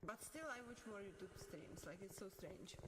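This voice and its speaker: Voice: mid-range voice, lively intonation, normal speed, roomy sound, big-room sound, heavy background noise. An ASMR live streamer chatting casually with viewers, thinking aloud with many fillers and small laughs.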